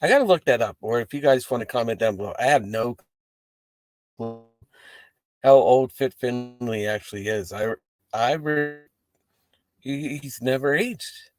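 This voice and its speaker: Guy rambling and swearing about wrestling from his car, mid pitch, dry close sound. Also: unhurried, pauses often, dry recording. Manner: rambling, profane, animated asides. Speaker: wrestling show host. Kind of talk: casual talk to camera. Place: inside a parked car.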